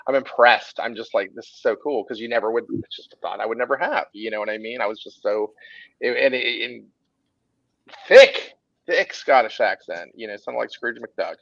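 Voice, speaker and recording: A man's voice: mid-range voice, moderate pace, gravelly, no echo, dull audio. A man in his forties with a Southern Texas accent, an artist chatting casually and telling stories with lots of restarts. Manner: animated, rambling storyteller with frequent restarts. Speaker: artist and creative director. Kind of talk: casual chat on a livestream.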